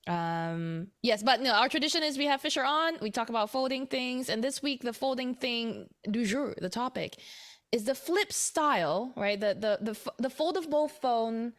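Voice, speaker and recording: A woman's voice: fairly high pitch, expressive, normal speed. A woman hosting a casual tech podcast, chatty and rambling as she explains things. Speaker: podcast host.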